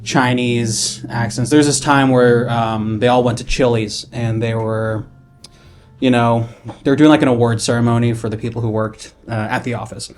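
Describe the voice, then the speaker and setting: A man's voice: medium pitch, flat delivery, moderate pace, soft background music, close to an everyday voice. A man playing an upset male office worker in therapy in an improvised comedy sketch, rambling and grumbling with lots of fillers. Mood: aggrieved.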